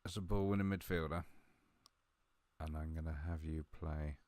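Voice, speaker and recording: A man talking through a football management game he is playing, chatty and a little mumbling, with sudden bursts of excitement. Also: very deep voice, moderate pace, no echo. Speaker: gaming video host. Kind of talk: live game commentary.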